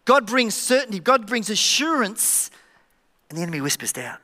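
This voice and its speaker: High, bright-voiced male pastor preaching. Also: normal speed. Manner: animated, joking, with dramatic drops to a hush. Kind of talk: sermon. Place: church auditorium. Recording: church hall reverb.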